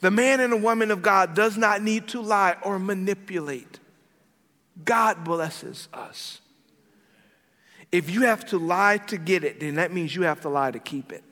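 A man, a pastor, preaching an emphatic sermon that swings between loud and quiet. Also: high-pitched, unhurried. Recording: long hall reverb with soft background music.

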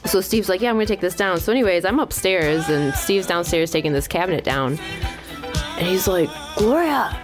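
A woman co-hosting a podcast, telling a casual story in an animated way, acting out quotes and laughing as she goes. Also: fairly low pitch, brisk, over music. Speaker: podcast co-host.

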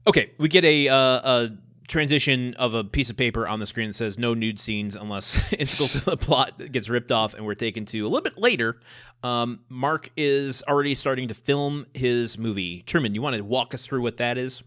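A man's voice: mid-range voice, brisk, a bit bright, no room sound, studio quality. A man co-hosting a TV rewatch podcast, chatting casually, laughing often and swearing freely. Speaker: podcast co-host.

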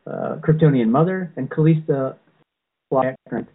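A man with a gravelly, slightly rough mid-range voice speaks at normal speed, casually co-hosting a podcast about fan topics. He wanders in his talk, restarting frequently and saying "you know" a lot. The audio comes through thin and phone-like.

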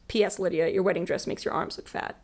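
A woman's voice: fairly low pitch, fairly even intonation, quick pace, natural voice. A woman reading out the lines of an angry, hurt teenage girl, close to her own voice. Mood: sarcastic. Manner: reads aloud with little acting.

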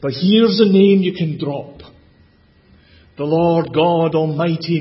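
A man preaching a sermon, slow and deliberate, dropping to a hush on key words. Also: on the high side, big-room sound, lo-fi sound.

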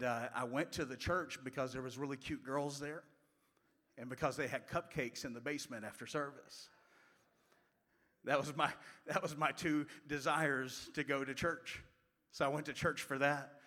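A man preaching a sermon, telling stories in a folksy way and moving from loud passages to hushed ones. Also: mid-range voice. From West Virginia. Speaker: pastor. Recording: long hall reverb.

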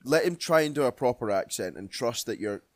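A man's voice: medium pitch, expressive, fairly quick, no echo. A man co-hosting a film podcast, chatting bluntly and swearing freely. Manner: blunt, swears freely, puts on comic voices. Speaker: podcast co-host. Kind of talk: casual film review chat.

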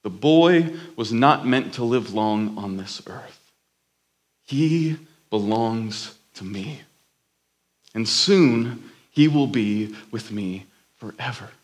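A man preaching voices God as a gentle, solemn spirit, speaking low and hushed in sermon storytelling. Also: animated, takes it slowly. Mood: tender hush.

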